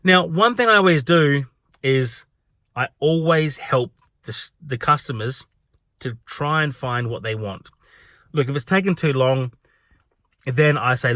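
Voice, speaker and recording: A man ranting through a storytime vlog about a rude customer, animated and swearing freely. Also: medium pitch, unhurried, long pauses, no echo, clean studio sound. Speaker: hospitality worker vlogger.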